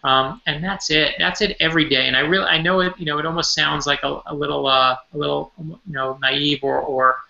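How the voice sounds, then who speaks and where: Guy on a remote call from his home office, gravelly and really tense-bright, echoey dull audio, earnest, keeps restarting his sentences. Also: fairly high pitch, fairly even intonation, brisk, hardly any pauses. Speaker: author as guest. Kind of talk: remote interview, personal stories.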